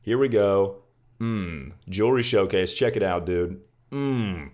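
Taking it slowly, a young man with a very deep, slightly mellow voice hosts a laid-back livestream. He cracks jokes, swears openly, and calls his chat "brother" and "dude."

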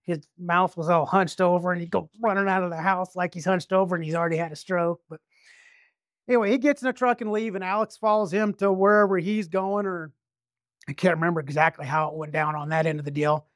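A man's voice: high-pitched, steady tone, fairly quick, no room sound, studio quality. A man detective telling a story casually, rambling, restarting often and swearing freely. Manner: rambling, with frequent restarts and profanity.

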